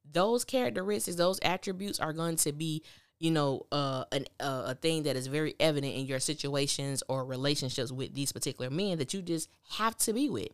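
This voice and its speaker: A low-voiced woman talks briskly while hosting a podcast that reviews a TV drama. In candid, opinionated casual talk she recaps the plot and voices the characters' lines, and the clean studio recording has no room sound.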